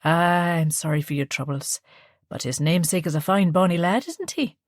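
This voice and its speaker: A woman's voice: fairly low pitch, normal speed, dry recording, clean studio sound, close to an everyday voice. Woman voicing a kindly Irish man photographer. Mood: gentle.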